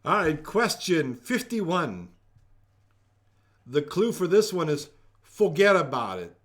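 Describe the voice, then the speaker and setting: Male trivia host, joking and playful, higher-pitched, streaming from home. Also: lively intonation, normal speed, fairly bright tone. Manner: joking, playful, reads questions aloud twice. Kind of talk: live-streamed trivia hosting.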